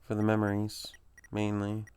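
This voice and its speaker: A man giving low-key, hesitant let's-play commentary, quiet and mumbled with fillers. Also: monotone, moderate pace, clean tone. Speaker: gamer.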